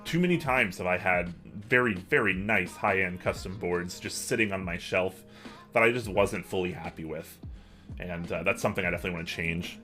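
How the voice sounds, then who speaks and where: A man's voice: sits low, a little fast, bright, forceful tone, faint music behind. A young man hosting a casual livestream from his home office, chatting and answering viewer messages. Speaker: livestream host.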